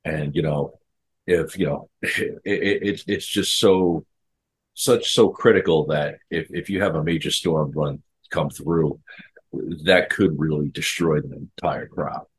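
A man's voice: extremely low pitch, unhurried, breathy edge, low-quality recording. A man co-hosting a casual podcast, rambling and repeating words as he thinks aloud. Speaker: podcast co-host. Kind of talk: casual chat.

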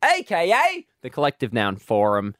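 Teasing Australian man, animated pitch. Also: normal speed, no room sound, clean studio sound. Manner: teasing, deadpan ribbing. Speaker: podcast co-host. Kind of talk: casual comedic chat.

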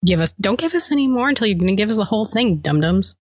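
A woman's voice: mid-range voice, lively intonation, racing, no room sound. A woman co-hosts a casual podcast chat, blunt and sarcastic, with plenty of swearing. Her voice is recorded close and dry, with no room sound. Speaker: podcast co-host.

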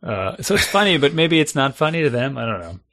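A man with a gravelly, creaky voice whose pitch swings widely as he talks. He chats casually and tells wry, self-deprecating stories about his kids. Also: sing-song, fast talker, a bit bright. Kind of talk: casual chat.

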